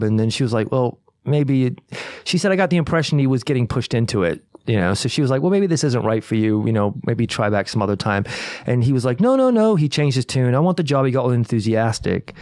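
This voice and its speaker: A man's voice: medium pitch, darkish tone, no echo, clean studio sound. A young adult man co-hosting a podcast, telling a story in casual chat, acting out the voices and swearing freely. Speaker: podcast co-host.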